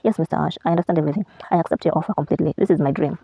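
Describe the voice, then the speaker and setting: A woman's voice: low voice, racing, lo-fi sound, a little hiss or hum. Woman reading as a starstruck young artist. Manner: quiet, crisp, flustered. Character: young woman doll maker, shy and starstruck.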